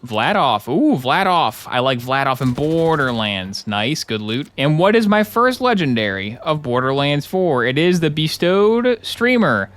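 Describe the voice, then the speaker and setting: A man's voice: medium pitch, sing-song, a little slow, hardly any pauses, fairly bright tone. A man streaming a video game live, joking and complaining sarcastically while he plays and thanks his chat. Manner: sarcastic, grumbling, jokey; talks to chat, thanks subscribers. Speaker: gaming streamer. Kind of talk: live gameplay commentary.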